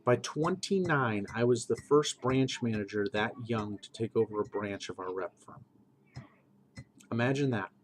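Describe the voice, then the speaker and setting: Man, middle-aged, game master, earnest, preachy, repeats himself, middle pitch. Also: moderate pace, a little hiss or hum, rough recording. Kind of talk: earnest motivational monologue.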